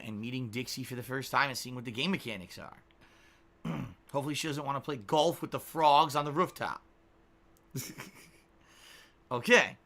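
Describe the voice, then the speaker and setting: A man with a Connecticut accent thanks viewers on a live stream in a bright, forward voice. He talks casually and playfully and laughs often. Now and then he stretches words out for a joke. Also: mid-range voice. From Connecticut, USA. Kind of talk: live-stream chat reading donations.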